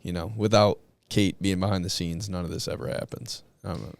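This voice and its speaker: A man speaking as a podcast guest, reflective and relaxed, filling his talk with "like". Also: sits low, a little fast, gravelly. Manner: relaxed, reflective, heavy use of "like". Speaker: podcast guest, narcotics detective. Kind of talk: casual conversational interview.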